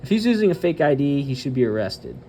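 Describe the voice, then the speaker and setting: A man's voice: medium pitch, very animated, quick pace, warm tone, slight background noise. A man hosting his channel, ranting bluntly and cursing often, with hesitant fillers between remarks. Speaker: channel host. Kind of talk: profane ranting commentary.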